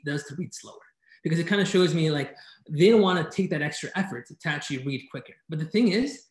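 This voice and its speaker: Eager man presenting over a video call, lifted voice, keeps asking "right?" to the audience, roomy echo on the sound. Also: a little high. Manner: enthusiastic, fast-talking, keeps asking "right?". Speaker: conference speaker teaching speed reading. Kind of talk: energetic online presentation.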